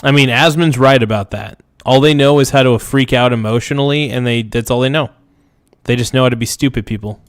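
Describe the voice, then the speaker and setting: A man's voice: medium pitch, fairly quick, no room sound, studio quality. A man hosting a livestream, reacting to clips in a loose, joking way and talking straight to his chat. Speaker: livestream host. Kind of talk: casual reaction commentary.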